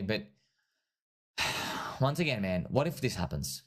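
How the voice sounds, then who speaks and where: A man hosting a casual livestream, talking through crypto price charts in an excitable, repetitive way and often calling his audience friends. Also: on the low side, slow, long pauses. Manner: laughs at his own points. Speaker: livestream host and crypto trader.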